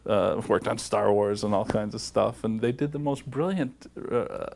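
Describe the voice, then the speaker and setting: A man's voice: lowish voice, moderate pace, creaky, darkish tone. A man in an interview recalling how a film was made, thoughtful and hesitant. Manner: reflective, hesitant with fillers. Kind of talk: interview recollection.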